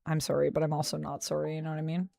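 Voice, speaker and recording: A woman's voice: low voice, monotone, very fast, gravelly, dark tone, dry recording, clean studio sound. A woman hosting a casual game stream, chatting playfully and answering viewer comments. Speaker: YouTuber, gaming host. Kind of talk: casual gameplay chat with viewers.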